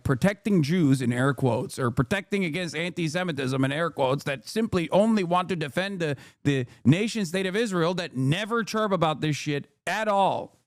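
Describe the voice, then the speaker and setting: A man's voice: high-pitched, no echo, studio quality. A man reacting to a clip on a live stream, ranting, swearing and laughing in mockery. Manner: animated, swearing, laughing, mocking.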